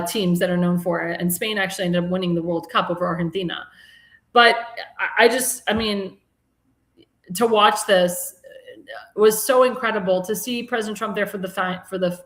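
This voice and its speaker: A woman's voice: medium pitch, fairly bright tone, reverberant. A woman hosting a live political talk show, chatting in a rambling way with many restarts and fillers, and turning mocking and indignant about politics. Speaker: host.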